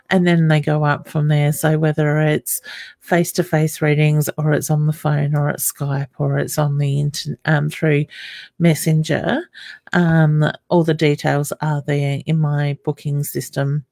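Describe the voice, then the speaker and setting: A woman's voice: sits low, creaky, darkish tone, dry recording, studio quality. A middle-aged woman hosting a live stream as a psychic medium, answering viewers' questions in a reassuring way, calling them honey and repeating filler phrases. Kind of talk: live-stream audience readings.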